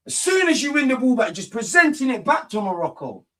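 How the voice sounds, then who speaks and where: A man hosting a live football watch-along, swearing a lot, muttering to himself and shouting at goals. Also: very high voice, big pitch swings, a little fast. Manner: mutters quietly to himself between outbursts.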